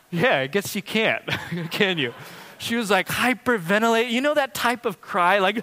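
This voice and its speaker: A male pastor delivers a sermon in a relaxed, conversational way, peppering his stories with fillers. His voice sits a touch high and rings bright. The sound carries a long reverb, like a large church sanctuary. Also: clear, resonant tone. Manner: conversational, storytelling with frequent fillers.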